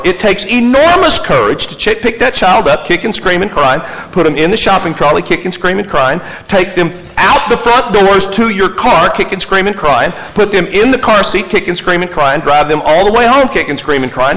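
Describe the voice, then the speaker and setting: A man preaching, his voice a little high for a man and carried by the long reverb of a big hall. He tells stories with animation and hammers his points home in repeated, emphatic lists. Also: moderate pace, fairly bright tone. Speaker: pastor. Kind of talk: sermon.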